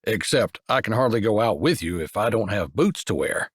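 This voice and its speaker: A man narrating an audiobook drops his voice for a steady older brother who answers with dry exasperation. The sound is close and dry, lively in its rises and falls. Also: fairly low pitch, moderate pace, husky, no echo, voice pushed down. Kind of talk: audiobook character voice.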